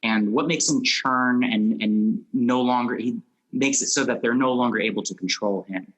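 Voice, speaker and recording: A man's voice: medium pitch, normal speed, a bit bright, low-quality recording. A man hosting a casual movie podcast, asking long rambling questions and laughing often. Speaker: podcast host.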